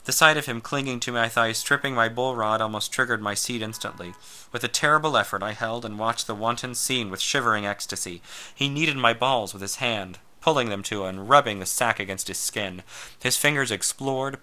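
Bright-voiced man reading a story. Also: fairly low pitch, fairly quick. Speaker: narrator. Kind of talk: first-person story reading.

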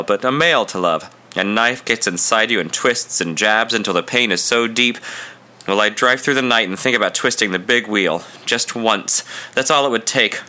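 A man reading a first-person story aloud in an intense, confessional, measured narration. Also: medium pitch, sharp tone. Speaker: audiobook reader.

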